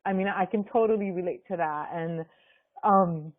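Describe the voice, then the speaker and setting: Woman, warm-hearted team leader gushing praise on a call; tinny line. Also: lowish voice, moderate pace. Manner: gushing, effusive, lots of fillers. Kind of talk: conference call chat.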